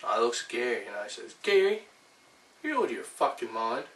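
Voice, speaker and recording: A man's voice: mid-range voice, sing-song, quick pace, pushed and bright. A man reciting a monologue as a foul-mouthed, boastful male chicken catcher, ranting profanely, recorded roomy and from a distance with faint ambient noise.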